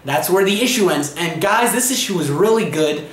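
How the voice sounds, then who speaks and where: A young man recapping a comic book in a casual, chatty way, leaning on fillers as he goes. His voice sits high. The room around him gives a clear echo. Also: animated, normal speed, a bit bright. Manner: chatty, filler-heavy retelling. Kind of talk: casual video review.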